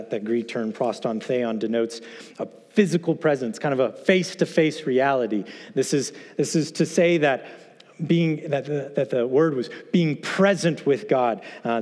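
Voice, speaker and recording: A man giving a sermon in a conversational way, asking his congregation questions and slowing down to stress key points. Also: mid-range voice. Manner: conversational, asks the congregation, slows for emphasis. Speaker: pastor. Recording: reverberant hall.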